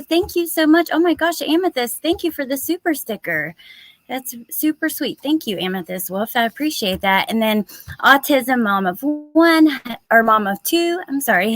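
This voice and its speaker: A woman's voice: sits high, fairly bright tone, no echo. A woman hosting a casual livestream, chatty and upbeat, thanking and greeting viewers by name. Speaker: true-crime YouTube livestream host.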